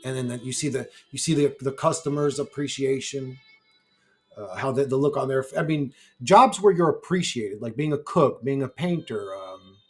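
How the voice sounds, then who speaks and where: A man's voice: mid-range voice, normal speed, faint music behind. A man talking alone on his channel in a brash, profane, rambling monologue, laughing often at his own remarks. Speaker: YouTuber.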